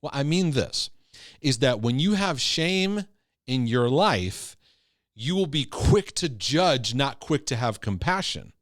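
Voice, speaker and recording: A man's voice: mid-range voice, big pitch swings, takes it slowly, dry recording, studio quality. A man, a Christian teacher and former pastor, teaching to camera with emphasis, repeating key phrases and checking in with "right?" and "okay?".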